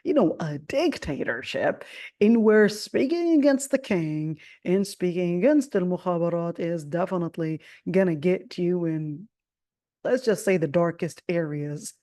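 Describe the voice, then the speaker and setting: An American woman with a slightly low voice teaches a religious lesson in a relaxed, conversational way. She leans on fillers like "of course" and grows animated as she tells a story. The recording is close and dry, with no room sound. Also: measured pace, dry recording. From Jordan. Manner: animated when retelling the story. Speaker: Quran teacher.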